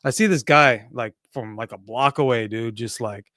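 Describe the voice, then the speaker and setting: A man co-hosting a podcast, telling a story in a casual, animated, profane way. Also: medium pitch, moderate pace, dry recording, studio quality. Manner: animated, profane storyteller, swings loud and soft. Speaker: podcast co-host. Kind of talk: casual chat.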